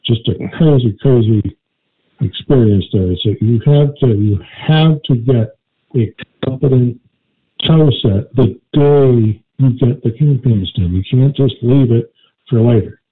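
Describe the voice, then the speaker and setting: A medium-pitched man co-hosts a call-in radio show, chatting casually and telling a rambling joke with many halting restarts. The audio sounds tinny, like a phone line.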